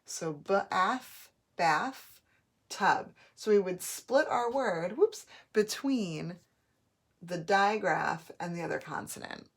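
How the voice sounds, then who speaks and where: A woman teacher giving a patient phonics lesson, modeling each word slowly and clearly. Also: lowish voice. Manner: slow, patient, drawn-out modeling of words.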